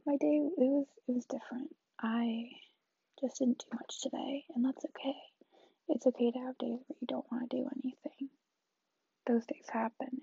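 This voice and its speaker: A young woman in a whispered ASMR chat, talking softly and rambling in a reassuring way, close to the mic in a dull lo-fi recording. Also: fairly high pitch, vocal fry, husky, no room sound. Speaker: vlogger.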